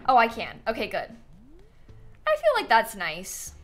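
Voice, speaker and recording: A woman's voice: fairly high pitch, huge pitch swings, unhurried, a bit bright, faint music behind. A young woman livestreaming a game, chatting casually and thinking aloud, sleepy and yawning as she thanks viewers. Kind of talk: casual gaming stream chat.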